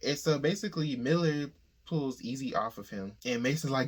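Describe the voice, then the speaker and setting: A man hosting a book discussion, casually summarizing the plot in a relaxed, conversational way and briefly acting out the characters' lines. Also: mid-range voice, normal speed.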